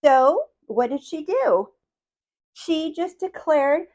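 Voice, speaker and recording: A fairly high-voiced woman coaching her viewers in an animated motivational talk. She keeps asking whether they see her point. Her voice rises and drops sharply as she acts out quoted lines. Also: slow. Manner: acts out quotes with big swings in pitch and loudness. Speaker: manifestation coach.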